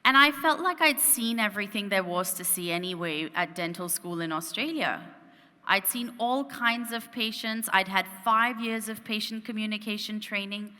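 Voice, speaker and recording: A woman giving a keynote talk, telling a story in an animated way and asking the audience questions, on a conference stage in a hall with long reverb. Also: mid-range voice, normal speed. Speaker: keynote speaker.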